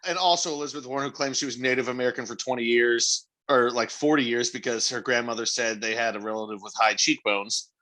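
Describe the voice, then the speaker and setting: A man's voice: mid-range voice, fast, hardly any pauses, bright, forceful tone. A man co-hosting a podcast in casual banter, teasing and sarcastic. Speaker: podcast co-host.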